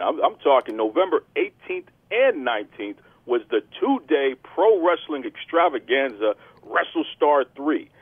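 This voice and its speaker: Lively husky-voiced wrestling podcast host. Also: male voice, a little high, no echo, narrow, tinny audio. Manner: hype-man announcer delivery. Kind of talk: casual wrestling podcast banter.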